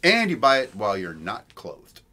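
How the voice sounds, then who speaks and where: A man's voice: lowish voice, huge pitch swings, normal speed, sharp tone, a little hiss or hum. A middle-aged man co-hosting a casual live stream with his wife, cracking puns and playful jokes. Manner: joking, punning, playful. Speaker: co-host, husband.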